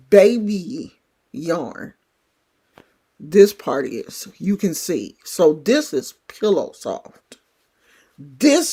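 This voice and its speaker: Woman, middle-aged, California country twang, folksy livestream chat, lively up-and-down pitch, slow unhurried pace. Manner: chatty, rambling, folksy. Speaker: livestream host. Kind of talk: casual chat.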